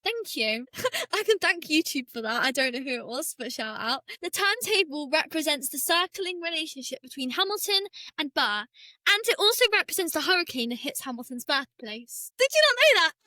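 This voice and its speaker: A woman's voice: sits high, expressive, moderate pace, sharp tone, no room sound. A woman co-hosting a podcast, chatting casually with lots of "like" fillers. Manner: chatty, many "like" fillers, laughs often. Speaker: podcast co-host. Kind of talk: casual chat.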